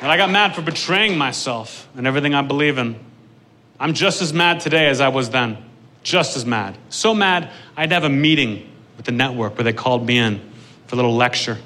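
A man doing a stand-up comedy set on stage, profane and building to shouted rants. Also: medium pitch, animated, brisk. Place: comedy club stage with a live audience.

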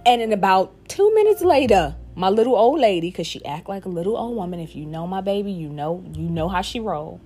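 Talking to camera about motherhood, a woman is emphatic and profane, hammering points through repetition while faint music plays. Her mellow voice is medium-pitched with big pitch swings, and she speaks fairly quickly with few pauses.

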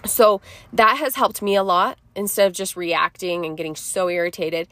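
Gentle mom giving calm advice, dry sound. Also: female voice, medium pitch, moderate pace, no echo. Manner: gentle, reassuring, checks in with "okay?" and "right?". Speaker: podcast host and mother. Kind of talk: casual self-help advice monologue.

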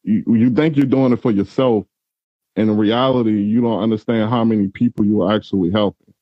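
Male host, low voice, reflective, encouraging, dry muffled recording. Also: fairly even intonation, brisk, dry recording. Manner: reflective, encouraging, asks probing questions. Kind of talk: interview, motivational talk.

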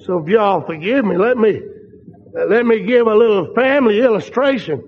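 An older man preaching a sermon with fervent, drawn-out emphatic phrases. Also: high voice, a little hiss or hum. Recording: dull lo-fi sound in a large reverberant hall.

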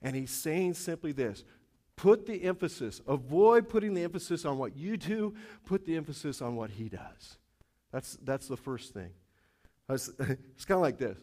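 Animated, higher-voiced male pastor preaching. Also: normal speed. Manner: conversational preaching with restarts and chuckles, rising to animated emphasis. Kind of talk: sermon.

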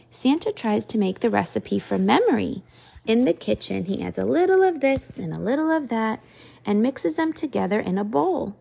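A woman in her thirties reading a storybook aloud to her children, expressive and stopping to ask them questions. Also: a little high, moderate pace, vocal fry, husky. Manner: expressive, asks the kids questions.

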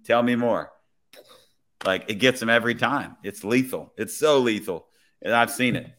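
A man, a police officer guest on a podcast, telling his story in a relaxed way with quoted dialogue. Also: mid-range voice, normal speed.

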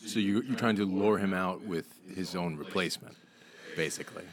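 A man's voice: deep voice, fairly quick. A man playing in a tabletop game, joking in a wry, casual way. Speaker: player. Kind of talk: casual tabletop role-play.

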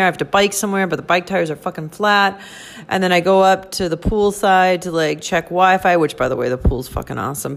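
A woman, hosting a podcast and venting in a casual monologue, swearing often and laughing through tired, overwhelmed emotion. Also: on the low side. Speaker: podcast host.

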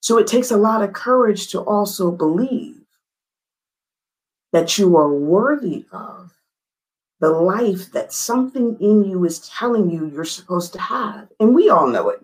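A woman as an interview guest, telling a candid personal story in an earnest, emphatic way, her voice rising high when she gets excited. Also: rough recording.

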